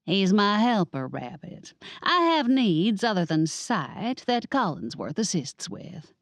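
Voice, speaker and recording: A woman's voice: mid-range voice, sing-song, slow, dry recording. A woman voicing a sweet, vacant bakery owner in an audiobook. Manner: sugary, vacant, drawling.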